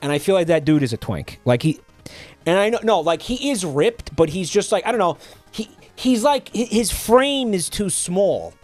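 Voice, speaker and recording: A man's voice: high-pitched, big pitch swings. Rambling male streamer chatting over faint music. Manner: rambling, halting, with many fillers and restarts; offhand and sardonic. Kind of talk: casual live-stream chat.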